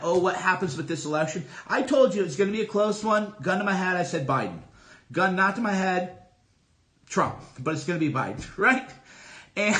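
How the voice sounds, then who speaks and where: A man's voice: high-pitched, pushed and bright. A middle-aged man on a solo livestream, talking casually with boastful, emphatic, repetitive declarations. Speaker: livestream host. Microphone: streaming from a phone.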